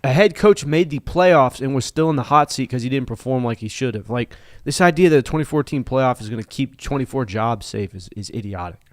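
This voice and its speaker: A man's voice: medium pitch, expressive, brisk, hardly any pauses, no room sound, clean studio sound. A man co-hosting a casual sports talk show, making his point firmly. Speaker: co-host.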